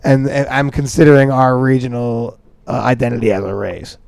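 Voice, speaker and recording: A man's voice: medium pitch, level tone, normal speed, creaky, a little mellow, dry recording. Rambling mock-serious young man, dry mic. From upper Midwest of the United States. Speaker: podcast co-host. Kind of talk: casual comedic chat.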